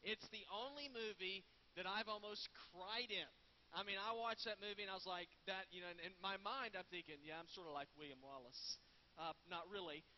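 High-voiced preacher, lo-fi hiss. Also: male voice, brisk. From United States. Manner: earnest, conversational preaching with repeated words. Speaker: pastor. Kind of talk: sermon. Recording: dull lo-fi with faint hiss.

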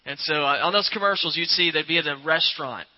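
Pastor, male, chatty preaching style, slightly high voice, dull lo-fi church recording. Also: quick pace. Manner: conversational preaching, asks the congregation questions. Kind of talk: sermon. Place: church before a congregation.

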